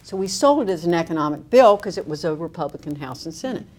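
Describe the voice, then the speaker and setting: A middle-aged woman with a drawl and a somewhat low-set voice tells a story in an interview. She recounts it with animation and dry humor. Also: expressive, fast talker, a little mellow.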